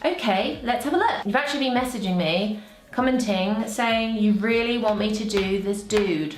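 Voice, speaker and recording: A woman, a vocal coach, chatting casually and exclaiming as she reacts, with frequent laughs. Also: medium pitch. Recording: echoey room.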